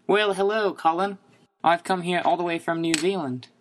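A man's voice: high voice, fairly even intonation, moderate pace, a little hiss or hum, natural voice. A man voicing a cheerful visiting New Zealander who keeps repeating the country's name. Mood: bumbling. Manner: repeating words in a put-on accent. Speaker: fan contributor doing an impression skit.

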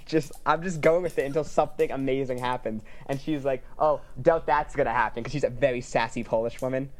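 A young man, a podcast co-host, telling a lively family story and quoting each line of dialogue. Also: medium pitch, brisk. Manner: animated, quotes people in dialogue. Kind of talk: casual storytelling chat.

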